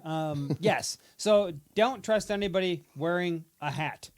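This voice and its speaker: A man's voice: high-pitched, unhurried. A man co-hosting a casual movie podcast, summarizing a film and joking around. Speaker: podcast co-host. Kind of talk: casual movie review chat.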